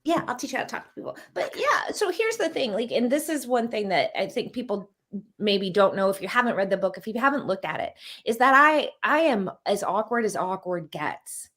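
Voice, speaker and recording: Animated self-deprecating woman. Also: a little high, fairly quick. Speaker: guest author and communication coach. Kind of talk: casual chat.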